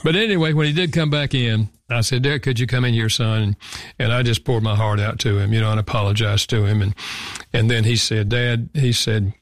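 A man's voice: mid-range voice, fairly even intonation, a little fast, no echo, studio quality. An older man, a guest author in an interview, telling a personal story in an earnest, reflective way and often repeating words as he goes.

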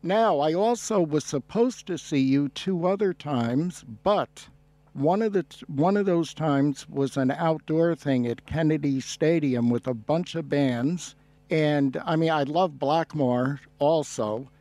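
A man hosts a radio interview, talking slowly and with many restarts as he reminisces. His voice is mellow and sits a little high. It sounds dry and close to the mic. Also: no echo. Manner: slow, rambling, reminiscing with restarts. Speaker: radio host.

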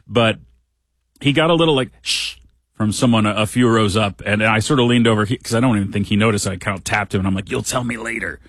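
A man's voice: fairly low pitch, fast talker, no room sound. A middle-aged man hosting a radio show, telling a story in a casual, chatty way with dry humor. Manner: chatty, dry humor, acts out quotes in voices. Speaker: radio host. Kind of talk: casual monologue.

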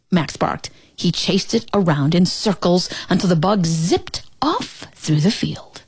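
A woman reads a children's storybook aloud, her voice low-set but rising and falling with lively swings of pitch. Her tone is soft and a little breathy, recorded close in a dry, dead room. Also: unhurried, hardly any pauses, dry recording. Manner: expressive, animated storytelling. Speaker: storybook reader. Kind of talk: children's picture book read-aloud.

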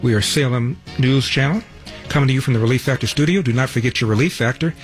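A man's voice: medium pitch, quick pace, faint music behind. A man hosting a talk radio show from a studio, delivering an emphatic opinion monologue with sarcastic asides.

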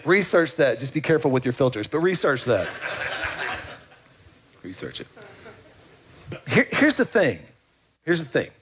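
In a mid-range voice, a pastor preaches conversationally, regularly turning to the congregation with questions.

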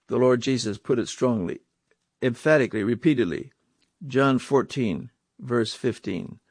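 A man's voice: mid-range voice, darkish tone, dry recording, clean studio sound. A man preaching a sermon, emphatic, often asking the listeners rhetorical questions.

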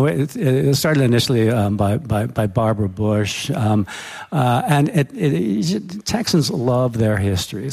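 A middle-aged male author telling a humorous story in a rambling, self-correcting way, with a gravelly voice. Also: medium pitch, a little mellow. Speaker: author guest. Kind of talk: storytelling interview talk. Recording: hall reverb.

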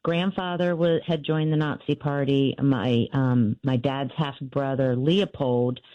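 A woman's voice: extremely low pitch, fairly even intonation, a little slow, no room sound, lo-fi sound. A woman author telling her family's story in an interview, earnest and full of fillers and restarts.

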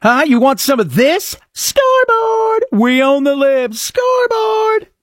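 A man's voice: extremely high pitch, fairly even intonation, dry recording, clean studio sound, voice pushed up, exaggerated voice. A man putting on a crowing, gloating fan. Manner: shouting, drawn-out mocking chants. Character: gloating, crowing male sports-fan type.

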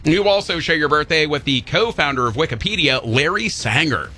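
A man's voice: on the high side, expressive, fairly quick, bright, forceful tone. A man co-hosting a radio show in casual banter, upbeat and jokey as he reads out birthday lists.

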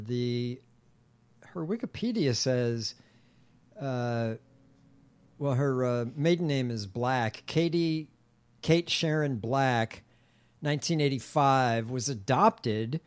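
Co-host reading facts with halting ums. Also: medium pitch, big pitch swings. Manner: hesitant, many ums while reading. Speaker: podcast co-host. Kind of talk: casual chat, reading facts aloud.

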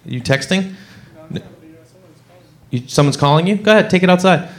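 A man's voice: sits high, animated, moderate pace. A man performing a stand-up comedy set, telling a story with acted-out voices and crowd work. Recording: live club with crowd laughter.

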